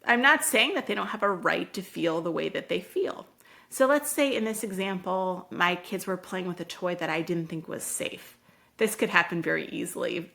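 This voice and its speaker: A woman hosting a parenting talk, calmly explaining and acting out what a parent and child might say. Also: fairly low pitch, creaky. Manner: calm, explanatory, acts out parent and child quotes. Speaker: parenting podcast host.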